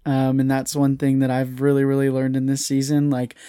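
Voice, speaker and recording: A man's voice: medium pitch, completely flat delivery, fairly quick, dark tone, clear, resonant tone, no room sound. Man, interview guest, earnest, confessional, dry recording. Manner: earnest, confessional, many restarts. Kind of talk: casual chat.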